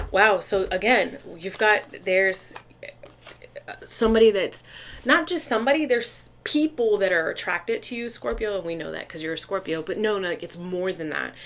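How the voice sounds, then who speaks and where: A woman doing a casual tarot reading to camera, talking chattily and excitedly, with lots of restarts and fillers. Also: on the low side, slight background noise. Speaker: tarot reader.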